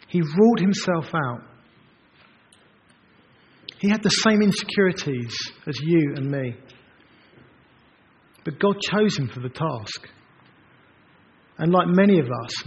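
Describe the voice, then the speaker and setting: Earnest man preaching in a reverberant hall. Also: a little high. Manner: earnest, emphatic, builds through repeated phrases. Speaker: pastor. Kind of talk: sermon. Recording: dull, reverberant hall recording with faint noise.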